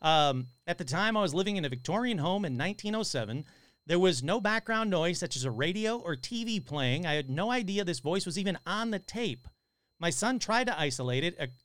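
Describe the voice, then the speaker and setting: A man hosting a casual live stream who reads listener stories aloud and reacts with loud, swearing exclamations. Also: high-pitched, animated, brisk, dry recording.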